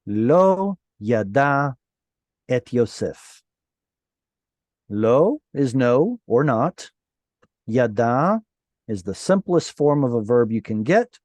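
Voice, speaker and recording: Slow, mellow-voiced male Hebrew teacher. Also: medium pitch, big pitch swings, no echo. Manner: patient, playful explaining with quizzing questions. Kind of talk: online Bible Hebrew lesson. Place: online class over video call.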